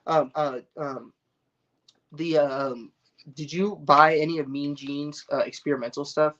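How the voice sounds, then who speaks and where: A man's voice: on the high side, fairly even intonation, measured pace, fairly bright tone, dull audio. A man chatting casually on a live stream, rambling and swearing, full of slang and restarts. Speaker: cannabis grower streaming to viewers. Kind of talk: casual livestream chat.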